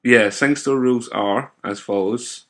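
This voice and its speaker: A man's voice: mid-range voice, measured pace, a bit bright. Laughing man telling stories. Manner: laughing anecdotal storyteller, swears freely. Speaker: podcast co-host. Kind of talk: casual chat.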